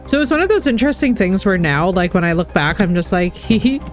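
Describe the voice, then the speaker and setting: A woman in her thirties chatting casually while streaming a game, animated and talkative. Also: fairly low pitch, fast, faint music behind. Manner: chatty, animated, slips into put-on voices. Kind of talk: casual chat while gaming.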